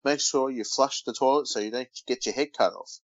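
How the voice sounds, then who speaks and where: A man's voice: mid-range voice, brisk, no room sound. An Australian man co-hosting a casual podcast, reading odd news stories aloud and teasing his brother. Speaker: podcast co-host. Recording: dull lo-fi dry recording.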